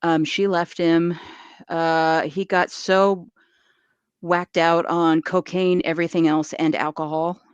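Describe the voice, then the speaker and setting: Woman co-host, wry and blunt, mid pitch, slightly muffled dry recording. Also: little pitch movement, slow pace, clear, resonant tone, no room sound. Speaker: podcast co-host. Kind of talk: casual chat.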